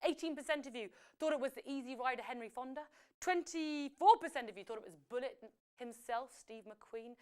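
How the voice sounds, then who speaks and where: A woman hosting a live quiz, chatty and lively, often correcting herself as she goes. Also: a little high, clear, resonant tone. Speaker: quiz host.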